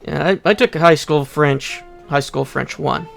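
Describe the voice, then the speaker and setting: A man's voice: fairly high pitch, a little slow, creaky, a bit bright, faint music behind. A young adult man giving casual, rambling, self-deprecating commentary while playing a video game. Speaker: let's play host.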